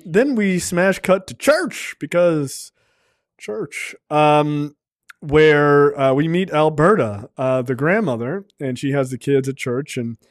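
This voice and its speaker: A man's voice: a little high, no room sound, studio quality. A man co-hosting a casual movie review podcast, recapping scenes in a rambling, profane way with many filler ums. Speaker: podcast co-host.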